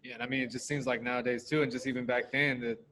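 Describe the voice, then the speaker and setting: A man's voice: mid-range voice, level tone, very fast, pushed and bright. A man casually asking an interview guest questions on a podcast.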